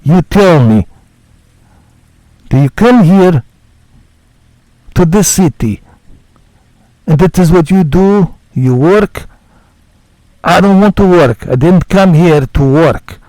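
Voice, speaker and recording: A man doing an impression of a brash, grumbling male Eastern European immigrant for his friends, in a loud, complaining put-on delivery. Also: high-pitched, lively intonation, takes it slowly, long pauses, no room sound, voice pushed up, low-quality recording.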